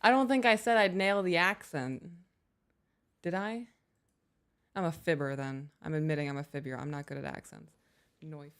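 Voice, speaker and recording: A woman's voice: sits low, moderate pace, pauses often, clean tone. A woman co-hosting a podcast live stream, chatting casually in a playful, giggly, self-mocking way. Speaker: podcast co-host.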